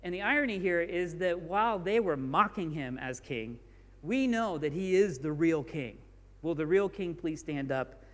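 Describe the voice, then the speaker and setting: A man's voice: on the high side, expressive, moderate pace, long reverb tail. A man preaching a sermon as a pastor, speaking informally and reading scripture aloud with rising emphasis. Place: church sanctuary.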